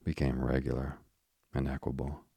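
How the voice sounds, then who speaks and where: A man narrating an old-fashioned tale in a measured audiobook reading. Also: a bass voice, little pitch movement, gravelly, warm tone, husky, no echo, clean studio sound.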